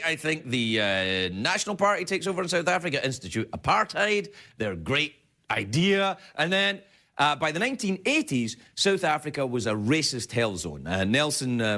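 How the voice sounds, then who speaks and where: A man's voice: mid-range voice, pushed and bright. A middle-aged man from Glasgow, Scotland, with a Scottish accent, delivering a rambling late-night comic monologue and laughing at his own jokes. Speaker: late-night talk show host.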